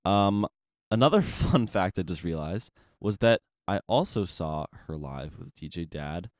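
A young man hosting a casual radio show from a studio, chatting in a relaxed, rambling way with lots of fillers. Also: deep voice, unhurried, dry recording.

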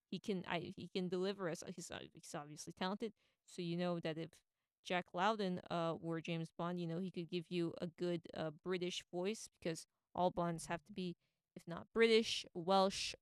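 A woman with a lowish voice talks through her opinions in a loose, rambling, chatty way. Her tone is smooth and clean. The recording is dry and close, with no room sound. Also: steady tone, moderate pace, no room sound. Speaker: pop culture commentator. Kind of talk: casual opinion monologue.

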